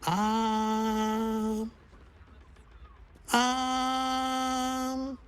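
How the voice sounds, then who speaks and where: Goofy game adventurer, high and bouncy, slow and drawn out, faint music behind. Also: female voice, monotone, a little hiss or hum. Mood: playful. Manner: playful, theatrical, teasing. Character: bubbly, silly young female adventurer trying out every class. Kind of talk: video game voice acting.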